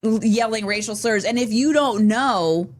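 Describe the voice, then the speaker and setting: A woman's voice: a little high, normal speed, slight background noise. A young adult woman co-hosting a podcast, telling a story in casual chat, full of fillers and restarts. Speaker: podcast co-host.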